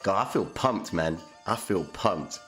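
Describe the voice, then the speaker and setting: Hyped, slangy man with a low voice. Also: expressive, a little slow, a bit bright, soft background music. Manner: hyped, slangy, repeats phrases. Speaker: livestream host. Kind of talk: casual live-stream chat. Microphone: condenser mic.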